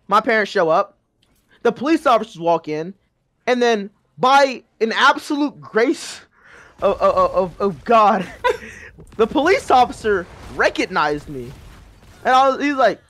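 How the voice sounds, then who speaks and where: A man in his twenties with a strikingly high voice spins a personal story for friends in game voice chat. He is animated, laughs between lines and swears freely. He acts out what everyone said, and he is speaking into a headset. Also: unhurried.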